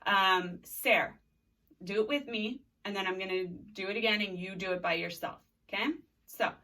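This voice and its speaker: A woman's voice: mid-range voice, normal speed, bright, forceful tone, distant mic. A woman in her thirties, a teacher leading a recorded video lesson, drilling words and prompting students to repeat after her. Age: 30s. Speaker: Spanish teacher.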